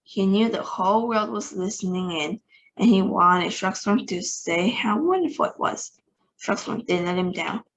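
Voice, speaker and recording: A woman reading a children's book aloud as a storyteller, lively and expressive, giving each character a voice. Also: mid-range voice, moderate pace, dull audio. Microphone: online meeting recording.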